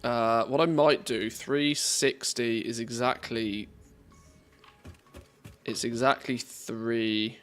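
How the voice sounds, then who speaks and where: A man's voice: mid-range voice, fairly even intonation, slow pace, pauses often, fairly bright tone, faint music behind. A man streaming a game, chatting casually and thinking aloud as he plays. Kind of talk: casual live-stream commentary.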